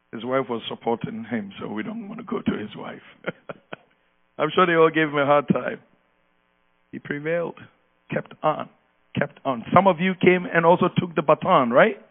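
An emphatic male pastor preaching with call-and-response. His voice sits a little high and comes through thin and phone-like, with a steady mains hum underneath. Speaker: outgoing pastor. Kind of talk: sermon.

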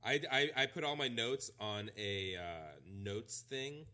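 A man's voice: medium pitch, a little slow, bright, forceful tone. A man playing a tabletop game, laid-back and a bit hesitant as he sorts out his character. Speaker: player.

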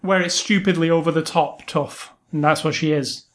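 Man, fairly high voice, casual movie chat, opinionated, chatty, restarts. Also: steady tone, normal speed. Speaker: podcast co-host.

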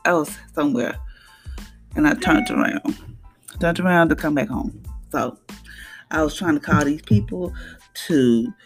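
A woman's voice: low voice, a little slow, pauses often, soft background music. A woman giving an earnest devotional talk on her podcast, preaching and telling personal stories with quoted dialogue. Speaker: podcast host.

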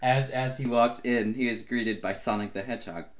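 A man's voice: mid-range voice, steady tone, moderate pace. A man reading silly fan fiction aloud on a comedy podcast, laughing often as he reads. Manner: keeps breaking into laughter mid-read. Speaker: podcast co-host.

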